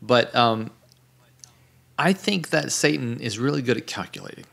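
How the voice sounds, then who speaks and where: A man co-hosting a podcast in casual chat, halting and restarting as he thinks aloud. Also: medium pitch, expressive, creaky, fairly bright tone. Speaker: podcast co-host.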